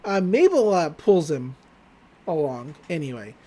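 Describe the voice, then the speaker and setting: Podcast host, casual recap chat, lively swooping pitch, frequent laughs, wry asides. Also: measured pace. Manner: animated, laughs often, acts out characters' lines; wry asides about plot logic.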